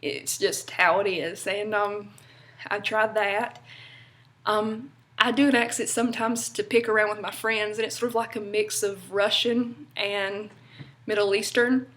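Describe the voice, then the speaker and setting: A woman's voice: medium pitch, fairly even intonation, a little slow, a bit bright. A young woman from North Carolina with a Southern accent, chatting casually to camera in a rambling way with lots of fillers. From North Carolina, USA. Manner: chatty, rambling, many fillers and little laughs. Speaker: vlogger.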